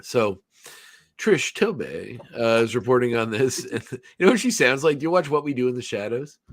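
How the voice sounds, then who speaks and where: A man's voice: medium pitch, expressive, normal speed, dry recording, studio quality. A man hosting a podcast in casual chat, rambling with fillers and frequent laughs. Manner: rambling, many fillers and restarts, laughs often. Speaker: podcast host. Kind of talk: casual chat recapping a cartoon episode.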